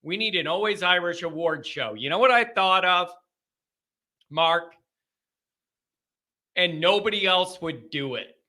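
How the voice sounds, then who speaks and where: A man with a high, bright, sharp-edged voice hosts a casual solo chat show. He rambles and jokes in an easy conversational flow, doubling back on his words. He takes his time and never rushes. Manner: rambling, joking, conversational with restarts. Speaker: host of a fan call-in show.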